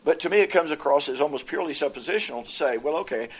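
A man presenting his side in a formal theological debate, speaking haltingly with frequent fillers and restarts. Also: fairly high pitch, breathy edge. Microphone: presenter with projected notes.

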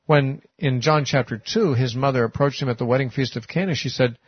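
Husky-voiced man teaching the Bible. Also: mid-range voice, brisk, no echo. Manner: conversational, with frequent "uh" and "you know". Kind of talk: sermon-style Bible teaching. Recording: muffled, lo-fi recording.

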